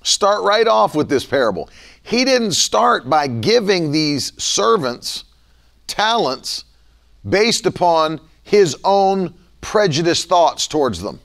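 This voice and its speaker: High voiced guy preaching a sermon, swoops all over, gets into acting out what people say. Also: slow pace, vocal fry. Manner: animated preaching, acts out quoted voices.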